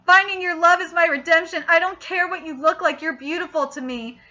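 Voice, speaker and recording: A woman's voice: very high voice, steady tone, brisk, sharp tone. A woman reading aloud the lines of a lovesick, devoted young woman, earnest and plain, on dull lo-fi audio. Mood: pleading.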